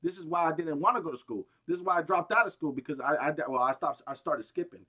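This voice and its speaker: A gaming streamer delivering a heated, rambling, profane rant, restarting sentences often and bursting out with emphasis. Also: male voice, fairly high pitch, fast, bright, forceful tone. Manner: agitated, emphatic outbursts.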